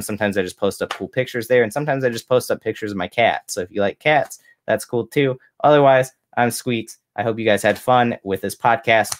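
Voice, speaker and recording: A man speaking as a guest on a livestream Q&A, giving measured, advisory answers in casual chat over a video call. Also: on the low side. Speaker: guest card collector.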